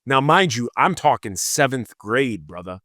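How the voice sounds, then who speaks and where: A man's voice: mid-range voice, very animated, measured pace, fairly bright tone, dry recording, studio quality. A man, a police officer, casually telling a rambling story on a podcast and acting out the people in it. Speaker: podcast co-host.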